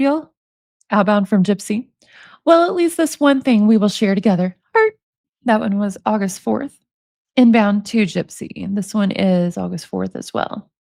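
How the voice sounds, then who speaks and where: A woman's voice: medium pitch, a little mellow, no echo, clean studio sound. A woman in her forties reading prison emails aloud and commenting on them, amused and sarcastic, laughing often. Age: 40s.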